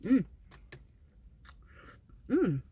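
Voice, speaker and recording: A woman from Philadelphia with a southern drawl chats slowly and easily between bites, vlogging a meal from her parked car. Her speech is relaxed and drawn out. Clear outdoor park noise runs underneath. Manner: chatty, slow and relaxed, talking between bites. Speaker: mukbang vlogger. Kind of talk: casual chat while eating.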